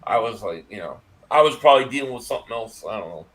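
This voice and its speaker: A man co-hosting a casual sports podcast, joking and animated, trailing off with fillers. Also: lowish voice, quick pace. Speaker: podcast co-host.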